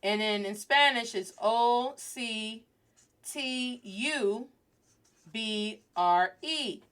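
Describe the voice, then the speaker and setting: A woman in her thirties hosting a casual podcast lesson, chatty and lively, switching into Spanish phrases as she teaches. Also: a little high, extremely slow, clear, resonant tone.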